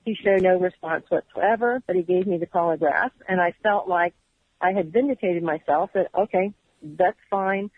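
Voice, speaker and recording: A woman's voice: fairly low pitch, normal speed, no room sound, narrow, tinny audio. A woman guest on a radio interview, telling her story in earnest detail and acting out what others said to her. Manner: earnest, detailed storyteller who acts out quoted dialogue. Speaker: radio guest, former agency employee.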